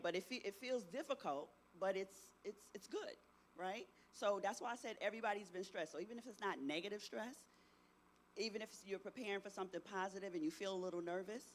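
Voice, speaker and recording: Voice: mid-range voice, slight background noise. A middle-aged presenter giving an interactive talk to teenagers, often asking the audience questions and tagging sentences with "right?". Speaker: youth workshop presenter.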